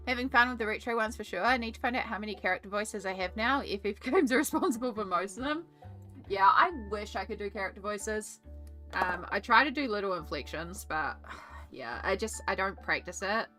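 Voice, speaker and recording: The young Australian streamer chats from her art desk in a medium-pitched voice that's bright and forceful, thinking aloud as she colours and slipping into rambling asides.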